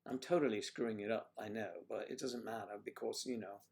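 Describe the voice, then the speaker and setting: A man's voice: on the low side, steady tone, fairly quick, creaky, darkish tone. A man hosting a casual livestream, rambling and joking as he reacts to viewer comments. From United States. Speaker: livestream host.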